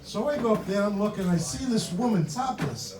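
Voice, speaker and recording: A man's voice: sits high, sing-song, brisk, crowd noise. An older man doing a punchy, conversational stand-up comedy routine on a club stage. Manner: punchy, conversational joke delivery. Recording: roomy hall, mic from far.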